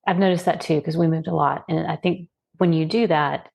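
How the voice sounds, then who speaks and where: A woman's voice: low-pitched, fairly even intonation, a little fast, creaky, a little mellow. A woman author hosting a podcast, who asks questions in a curious, friendly way. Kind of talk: casual podcast interview.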